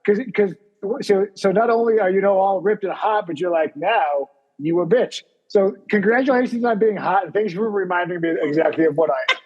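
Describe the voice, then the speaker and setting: A man's voice: high voice, brisk, in a large hall. Male comedy podcast host, rambling self-mocking banter, dull recording. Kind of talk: casual comedic chat.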